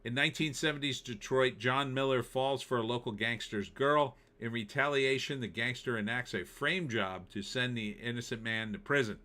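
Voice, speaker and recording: A man's voice: mid-range voice, normal speed, few pauses, sharp tone. A middle-aged man hosting a casual live stream, talking in an opinionated, sarcastic, loose way. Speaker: host.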